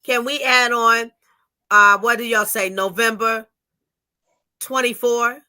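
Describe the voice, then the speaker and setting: Bright-voiced woman reading fun facts. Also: on the high side, fairly even intonation, slow pace, clear, resonant tone. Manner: reads from notes with stumbles and laughs. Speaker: podcast co-host.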